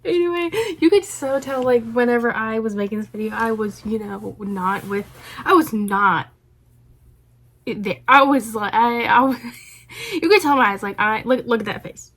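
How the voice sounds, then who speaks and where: A woman vlogger talks casually over her own footage, her voice slightly high. She rambles and trips over her words, circling back on herself in a self-conscious way. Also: animated, normal speed, fairly bright tone. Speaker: vlogger reacting to her old video. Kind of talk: casual reaction commentary.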